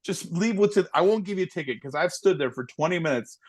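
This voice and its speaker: A man in his forties, a police officer and stand-up comic, chatting in an interview and telling jokes with lively impressions. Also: high voice, fast talker. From United States. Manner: animated storyteller, slips into impressions of people. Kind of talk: casual interview chat.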